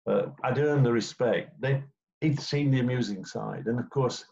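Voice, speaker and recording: A man's voice: medium pitch, moderate pace, creaky, dark tone. An older English man, a former football referee, chatting through anecdotes and acting out what players said. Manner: chatty storyteller, acts out quoted players. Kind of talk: interview anecdotes. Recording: dull lo-fi recording.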